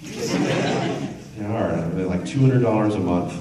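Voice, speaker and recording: A man's voice: lowish voice, slow pace. A middle-aged man, a voice actor, joking with a convention audience and drifting off on tangents. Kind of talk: casual convention panel talk. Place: large convention hall. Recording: echoey hall, taped from far off, crowd noise. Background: audience laughter and crowd.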